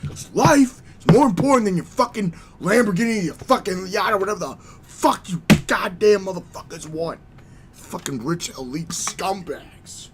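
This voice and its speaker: A man from the United States ranting angrily to camera as a vlogger, shouting and swearing heavily into his own recording setup. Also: high-pitched, animated, moderate pace, background noise. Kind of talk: angry profane rant to camera. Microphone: own recording setup with adjustable gain.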